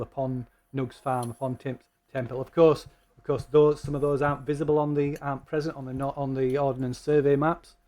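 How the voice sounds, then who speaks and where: A man running a tabletop game as game master, narrating with many pauses, ums and restarts. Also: mid-range voice, warm tone.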